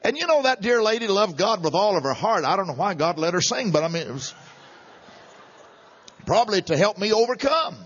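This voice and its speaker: A middle-aged man preaching a sermon, animated and chuckling between points. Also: high-pitched, a little fast, slightly rough, big-room sound. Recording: dull lo-fi sermon recording.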